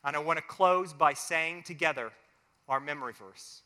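A man preaching a family sermon as a pastor and leading a closing prayer. He talks in an animated way and acts out little quoted voices. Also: on the high side, normal speed, a little hiss or hum. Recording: long hall reverb.

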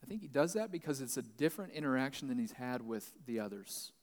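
A man's voice: mid-range voice, very animated, fast talker, darkish tone. Man teaching scripture in a reverberant hall. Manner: reads a passage, then explains it plainly. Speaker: pastor. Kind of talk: Bible teaching, reading and explaining. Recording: long reverb, large hall.

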